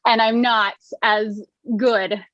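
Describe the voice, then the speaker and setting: A woman's voice: a little high, steady tone, slow, fairly bright tone, no room sound. Chatty woman with dry, muffled sound. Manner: chatty, laughs often, many fillers. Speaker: wellness coach guest. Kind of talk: casual interview chat.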